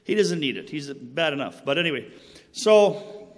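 With a slightly high, very animated voice at a moderate pace, a man offers a personal faith testimony under a long reverb tail. He tells it casually and earnestly, rambling off on tangents, apologizing, and preaching with stress on key lines.

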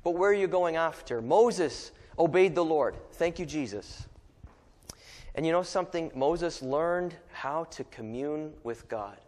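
A man's voice: a little high, animated, unhurried, darkish tone, in a large hall. A man preaching a sermon in a casual, joking way, acting out little asides and voices as he goes.

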